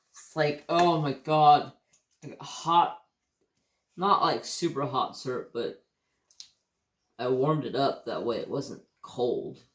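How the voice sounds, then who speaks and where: Slow-talking, cursing American man. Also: mid-range voice, roomy sound. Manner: rambling, profane, easygoing storytelling. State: hiccups. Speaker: craft channel host. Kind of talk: casual livestream chat.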